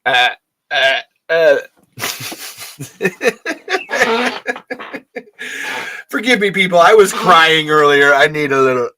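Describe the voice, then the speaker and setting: A man's voice: animated, drawn-out words, pauses often, pushed and bright, a little hiss or hum. A man hosting a casual livestream, rambling and joking with his viewers. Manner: rambling, jokey, swings into high squeals. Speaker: podcast host.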